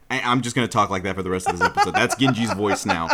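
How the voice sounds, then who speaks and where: A man's voice: fairly low pitch, animated, a little fast, hardly any pauses, fairly bright tone. A man co-hosting a podcast, casually recapping an episode and acting out scenes in silly voices, often laughing. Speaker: podcast co-host.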